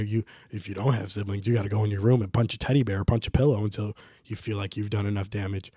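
Podcast host, young man, low mellow voice, rambling casual monologue, dry close recording. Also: dry recording. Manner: rambling, animated when quoting others.

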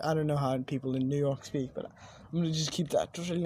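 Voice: mid-range voice, fairly even intonation, fast, dark tone, husky. A young adult vlogger rambling casually outdoors at night, swearing often and stopping mid-word to correct themselves. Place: outdoors at night overlooking buildings.

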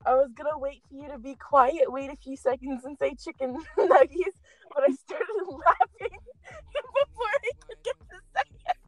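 A woman's voice: high-pitched, moderate pace, low-quality recording. A young woman chatting casually from the back seat of a car, giggling and rambling as she swears freely. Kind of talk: casual chat.

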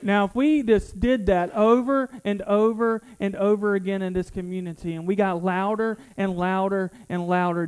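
A man preaches, his voice sitting high for a man. He talks in bursts with frequent restarts and pulls the congregation into call-and-response. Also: darkish tone, poor audio. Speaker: pastor. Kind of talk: sermon.

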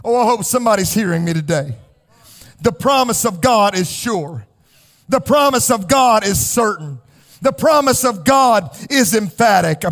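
A male pastor delivering an impassioned sermon, rising into shouts and sung, chanting cadences. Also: high voice, expressive, a little slow, soft background music. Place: church sanctuary.

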